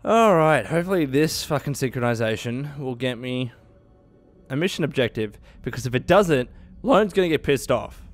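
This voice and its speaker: A young man giving excitable, swearing let's play commentary, laughing often. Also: mid-range voice, normal speed, soft background music. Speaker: gaming youtuber.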